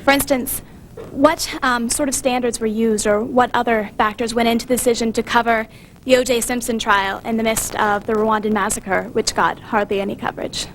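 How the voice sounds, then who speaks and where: A young woman from the audience asking a question in a quick, formal way. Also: fairly high pitch, little pitch movement, slight background noise, low-quality recording. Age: young adult.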